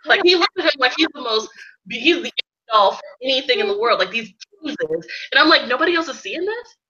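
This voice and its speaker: A woman streamer chats casually in a high, bright voice, gushing and ranting like an eager fan. Her stream audio sounds dull and lo-fi. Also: quick pace. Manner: animated, gushing fangirl rants. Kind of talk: casual chat.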